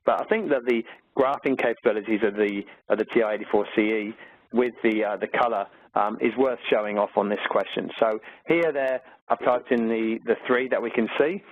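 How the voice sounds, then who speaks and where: A man's voice: on the low side, a little fast, no room sound. A man with an Australian accent, a maths teacher walking through exam questions in a chatty way with lots of fillers. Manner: chatty, many fillers, upbeat about the material. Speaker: maths teacher presenting a webinar. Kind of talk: conversational teaching walkthrough. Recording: tinny phone-like webinar audio, dry.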